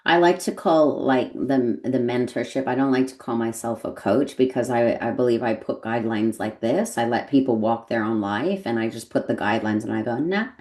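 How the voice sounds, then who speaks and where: A woman's voice: a bass voice, normal speed, few pauses. A middle-aged American woman, a podcast guest, telling a personal story in casual conversation and acting out the dialogue. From United States. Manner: animated storyteller, acts out quoted dialogue.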